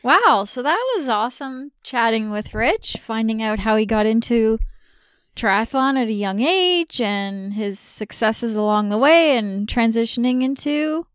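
A woman co-hosting a podcast, upbeat and quick to laugh as she runs a question round. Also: a little high, expressive, clean tone, dry recording, clean studio sound. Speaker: podcast co-host. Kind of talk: casual interview chat.

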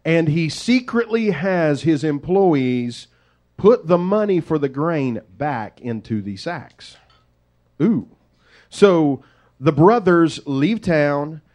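A man preaching, retelling a story in a lively, conversational way with folksy asides. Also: fairly high pitch, slow. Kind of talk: sermon storytelling.

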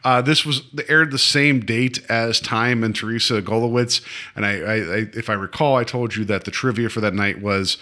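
A tipsy podcast co-host rambles through a story in casual chat, full of fillers and self-corrections after drinking. His voice is on the low side, pushed and bright, at a moderate pace.

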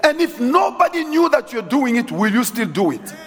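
A middle-aged man preaching a sermon as guest preacher in a large church hall, swinging from quiet asides to shouted exhortation. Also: normal speed. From South Africa. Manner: animated, shifts from low asides to shouted exhortation. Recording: husky voice with long church-hall reverb.

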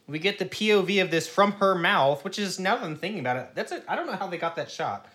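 A man co-hosting a podcast, chatting animatedly about a TV episode and jumping into loud character quotes. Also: high voice, expressive, fast. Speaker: podcast co-host. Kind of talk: casual chat recapping a TV episode.

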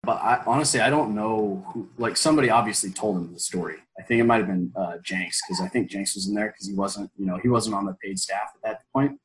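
A man in his twenties telling a story as an interview guest, animated and full of fillers, bursting into loud quoted pep talks. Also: fairly low pitch, a little fast, few pauses, slight background noise, low-quality recording. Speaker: former college baseball player, guest.

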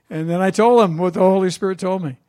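A man's voice: high-pitched, a little mellow. A man preaching a sermon as pastor, telling a story in a conversational way and asking the congregation questions.

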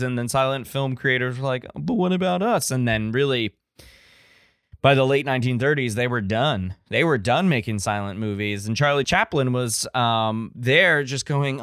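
A male podcast host chatting casually about classic films and wandering off on long tangents with plenty of restarts. His voice is smooth and clear, at a middle pitch. The sound is dry and close. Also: a bit bright, dry recording. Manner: rambling, digressive, many restarts; enthusiastic about old films. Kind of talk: casual film-review chat.

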